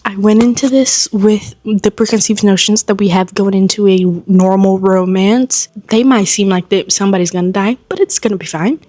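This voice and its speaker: A woman book vlogger chatting at home in an animated, exclamatory way, swearing freely as she reacts. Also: medium pitch, moderate pace, no echo. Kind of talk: casual reading vlog.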